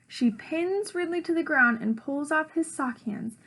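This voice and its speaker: A woman teacher reads a children's chapter book aloud with lively expression. Her voice sits a little high and she talks to her students as she goes. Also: measured pace, few pauses. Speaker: elementary school teacher.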